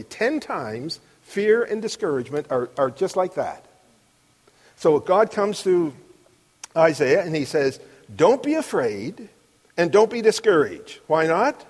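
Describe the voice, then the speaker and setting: A middle-aged man preaching a sermon, emphatic, rising to loud declarations on the verses he quotes. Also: on the high side. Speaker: pastor. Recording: long reverb of a large hall.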